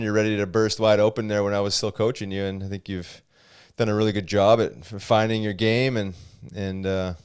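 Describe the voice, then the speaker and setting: A man's voice: fairly low pitch, smooth, no room sound, studio quality. A man co-hosting a hockey podcast, talking casually and upbeat with his co-host and guest. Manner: relaxed, upbeat plugging events. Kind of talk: casual chat.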